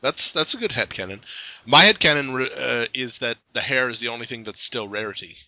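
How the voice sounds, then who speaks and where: A man's voice: medium pitch, animated, brisk, pushed and bright, no echo, low-quality recording. A young man hosting a fan podcast, enthusiastic and playful, with stammering restarts. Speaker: podcast host. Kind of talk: casual podcast interview.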